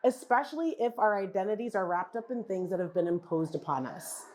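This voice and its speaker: Animated woman giving a conversational talk. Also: medium pitch, fairly quick, slight background noise. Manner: animated, asks the audience questions, acts out other people's lines. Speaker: genealogy practitioner and speaker. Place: summit event.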